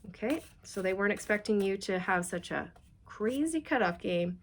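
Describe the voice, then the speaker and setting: A woman's voice: medium pitch, animated, normal speed. A woman giving a chatty, reassuring tarot reading and passing on channeled messages directly to her viewers. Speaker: tarot reader.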